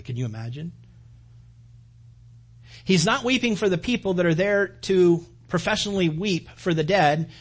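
A man delivers a sermon in a loose, conversational storytelling manner, acting out the voices in the scripture he retells. His voice is somewhat husky and sits a little high for a man. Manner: conversational storytelling, acts out quoted lines. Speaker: pastor.

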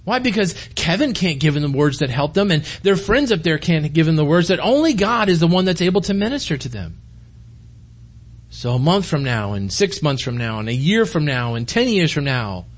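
A middle-aged male pastor preaching a conversational sermon, rambling with many restarts and sinking into quiet, intense stretches. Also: a little high.

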